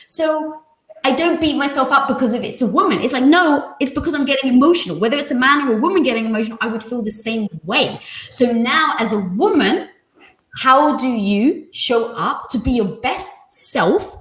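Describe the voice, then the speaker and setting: A woman's voice: sits high, lively intonation, normal speed, fairly bright tone, reverberant. A woman entrepreneur as an interview guest, talking candidly and emphatically in casual conversation.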